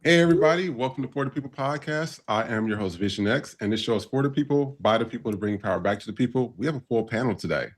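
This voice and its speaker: A man's voice: medium pitch, animated, fast talker, few pauses. A man hosting a live podcast panel, talking casually and loosely with many fillers. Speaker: podcast host. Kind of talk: casual live-stream chat.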